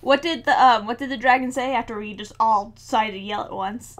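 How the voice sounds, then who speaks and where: A woman playing in a tabletop game, brisk and quick to speak up for her character. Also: a little high, a little hiss or hum. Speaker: player. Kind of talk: tabletop role-play chat.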